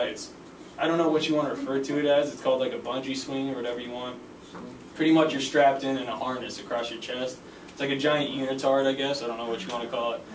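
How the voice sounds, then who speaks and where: A young man giving a casual personal speech, full of fillers like "uh" and "pretty much". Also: medium pitch. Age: young adult. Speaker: speaker giving a class speech. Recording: roomy echo, from far off, faint background noise.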